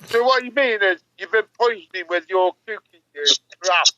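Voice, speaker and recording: A man's voice: high voice, normal speed, sharp tone, no room sound, highs cut off. An older English man teasing the others on a stream in casual chat, repeating himself for effect. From England. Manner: teasing, repetitive. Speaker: guest streamer.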